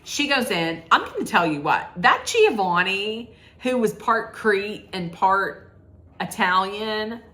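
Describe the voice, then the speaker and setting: A woman's voice: medium pitch, big pitch swings, slow pace, sharp tone. A woman giving a casual, sassy recap rant, rambling with many restarts. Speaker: reality TV recap vlogger.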